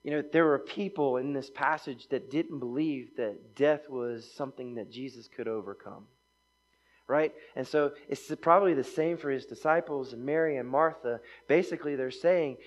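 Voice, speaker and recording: A man delivering a sermon in an easy, conversational voice at an ordinary middle pitch. He keeps checking in with his listeners by asking "right?" as he works through the reading. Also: normal speed, low-quality recording. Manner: conversational, often asks "right?". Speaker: preacher.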